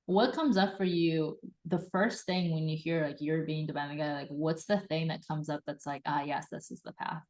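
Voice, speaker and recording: A woman hosting a live card reading, enthusiastic and animated, acting out little quoted voices as she coaches. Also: deep voice, normal speed, hardly any pauses. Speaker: host and intuitive reader.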